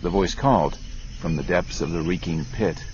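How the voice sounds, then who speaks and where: Deep guy reading an audiobook, steady grim tone, muffled with faint hiss. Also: normal speed. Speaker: audiobook narrator. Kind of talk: scripted narration.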